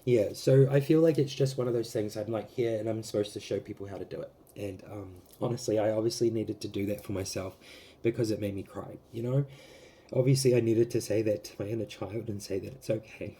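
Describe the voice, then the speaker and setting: A man giving a casual tarot reading to camera, rambling with many fillers and gently emotional, close to tears. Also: fairly low pitch, fairly even intonation, fairly quick. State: teary, close to crying. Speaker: tarot reader.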